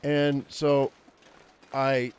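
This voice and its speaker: A man's voice: medium pitch, flat delivery, very slow, a little mellow, clear, resonant tone. Chatty rambling man in his fifties. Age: 50s. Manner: rambling, chatty anecdote-teller. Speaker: game streamer. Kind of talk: casual storytelling chat.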